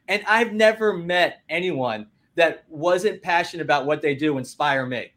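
Fired-up motivational man, fairly high voice. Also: expressive, moderate pace, few pauses, a bit bright. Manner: emphatic, rallying, fond of "guess what" and "listen". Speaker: business coach guest. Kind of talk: energetic motivational talk.

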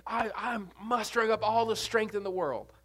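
Overworked male servant, straining , voiced by a male preacher, higher voice. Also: fairly even intonation, moderate pace, fairly bright tone.

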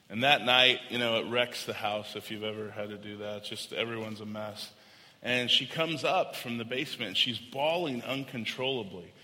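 A man's voice: medium pitch, pushed and bright. A man preaching a sermon as pastor, earnest and conversational, telling a personal story to his congregation. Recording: long hall reverb.

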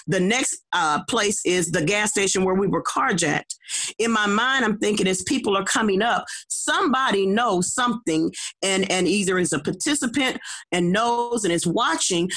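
Her voice is of average pitch, and this middle-aged woman, a guest evangelist, shares her personal testimony with forceful emphasis. She often trips over words, restarting and repeating, and keeps asking her listeners "okay?".

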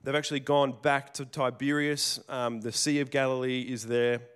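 A man's voice: medium pitch, little pitch movement, normal speed, clean tone. A man preaching a sermon in a conversational storytelling way, with casual restarts and asides. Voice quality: plain working tradesman's speech.

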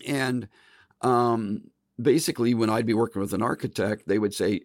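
A man's voice: fairly low pitch, fairly quick, vocal fry, a little mellow, no echo, studio quality. A middle-aged man hosting a podcast, telling work stories in a folksy, casual way and calling his listeners "folks.". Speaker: podcast host. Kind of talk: casual storytelling monologue.

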